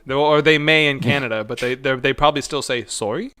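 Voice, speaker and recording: A man's voice: medium pitch, steady tone, quick pace, a crowd in the background. A man hosting a casual livestream chat, rambling along and laughing often. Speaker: host.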